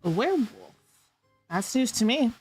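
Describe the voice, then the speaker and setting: A woman's voice: fairly high pitch, sing-song, moderate pace, a little mellow, breathy edge, soft background music. A woman streamer doing giggly, playful improvised role-play, stumbling over made-up fantasy names.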